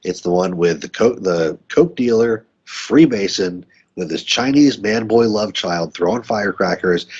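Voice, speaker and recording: A male podcast host in a casual, profane, excitable film review chat who acts out movie lines. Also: fairly low pitch, slightly rough, highs cut off.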